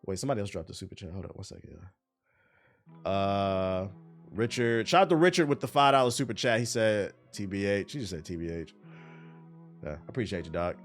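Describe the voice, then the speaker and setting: Over soft background music, a young livestream host talks briskly in a voice on the low side. He's animated and profane, joking around in casual chat and reading viewers' messages out loud.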